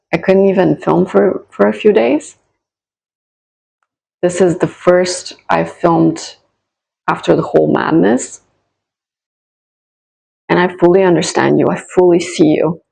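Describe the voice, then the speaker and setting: A woman's voice: lowish voice, gravelly, a little mellow, husky, poor audio. A woman psychic talking straight to her viewers in a soothing, encouraging way, often repeating her phrases. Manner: direct address to viewers. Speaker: psychic and spiritual coach. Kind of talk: casual channeled reading to camera.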